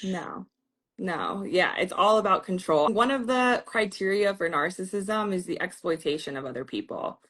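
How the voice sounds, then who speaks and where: Frank woman therapist, slightly low voice. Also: lively intonation, normal speed, a bit bright. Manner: frank, shares personal experience openly. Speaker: therapist and host. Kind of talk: candid podcast conversation.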